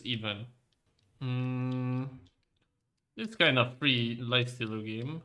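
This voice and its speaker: A man's voice: medium pitch, slow pace, long pauses, sharp tone. A young man streaming a game in a casual, joking, chatty way with some swearing. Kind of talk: casual gaming stream chat.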